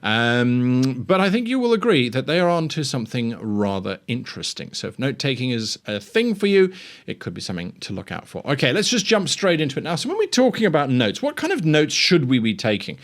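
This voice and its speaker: A man's voice: medium pitch, sing-song, fairly quick. A man hosting a show, giving tabletop game master advice in a chatty, self-deprecating way. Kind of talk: casual instructional talk.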